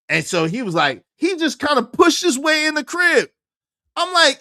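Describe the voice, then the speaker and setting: Man, casual storytelling, animated, wide swinging pitch, dry close sound. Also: moderate pace, no room sound. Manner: animated, jumps high when quoting himself, laughs through.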